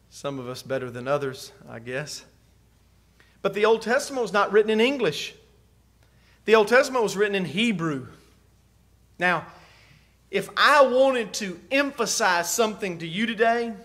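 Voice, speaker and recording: A man preaching a sermon as pastor. He asks the congregation rhetorical questions and swings from quiet to loud. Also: high voice.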